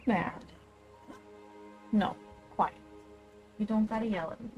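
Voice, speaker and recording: Gravelly-voiced woman streamer chatting casually. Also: mid-range voice, slow, narrow, tinny audio, soft background music. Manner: chatty, talks to her pet between game moves. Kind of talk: casual gameplay commentary.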